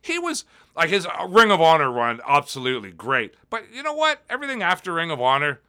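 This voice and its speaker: A man in casual chat whose pitch swings widely as he talks. His voice is bright and fairly high, and he speaks with emphatic, animated force and loose swearing. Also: brisk, clear, resonant tone. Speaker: podcast co-host.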